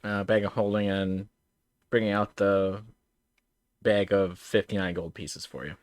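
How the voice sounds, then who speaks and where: Man, tabletop player, lowish voice, self-deprecating, stammers and laughs, dry sound. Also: fairly even intonation, measured pace, dry recording. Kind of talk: casual tabletop role-play chat.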